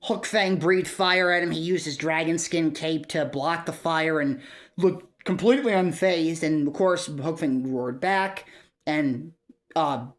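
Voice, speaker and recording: A woman chatting through a casual vlog commentary. Her voice sits a little low, and she rambles along with frequent fillers and small chuckles. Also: a little slow. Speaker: video creator.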